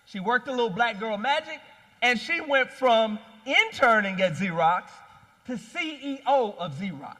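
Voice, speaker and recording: A man giving a live keynote speech at an expo, telling a story and rallying the crowd with animated energy. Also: extremely high pitch, unhurried. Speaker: founder and CEO giving a keynote. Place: large hall at a live expo. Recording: long hall reverb.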